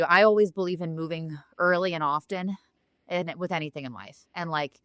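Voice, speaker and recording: A woman's voice: on the low side, moderate pace, dry recording, studio quality. Frank, swearing woman co-host. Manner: frank, animated, swears freely. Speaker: podcast co-host. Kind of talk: casual chat. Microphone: remote recording.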